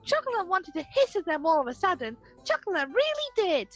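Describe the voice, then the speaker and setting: A woman voicing an excitable young cat girl from a video game who speaks of herself in the third person and meows. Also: very high-pitched, a little fast, soft background music. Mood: indignant.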